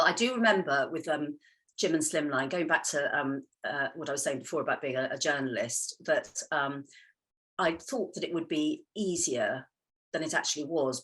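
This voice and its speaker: Low husky woman novelist. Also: brisk, fairly bright tone. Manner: chatty, hesitant with many ums, laughs often. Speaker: novelist guest. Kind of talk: casual interview chat.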